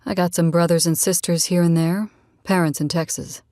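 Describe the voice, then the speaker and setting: Audiobook: woman reading easygoing rugged guy, lowered voice, dry close read. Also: steady tone, normal speed, a little mellow, dry recording, close to an everyday voice. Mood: teasing. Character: tall rugged man, easygoing and teasing.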